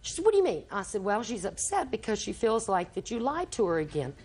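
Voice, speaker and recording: A woman's voice: medium pitch, sing-song, a little fast, darkish tone, breathy edge. An older woman, a grandmother testifying as a litigant in a TV courtroom, telling her story at length and acting out everyone's quoted lines.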